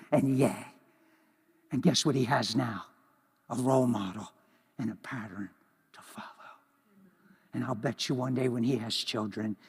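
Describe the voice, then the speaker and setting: A man preaching a sermon in a church, talking in an animated way, swinging from loud exclamations to hushed near-whispers. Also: mid-range voice, husky. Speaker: pastor. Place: church hall. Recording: reverberant church hall.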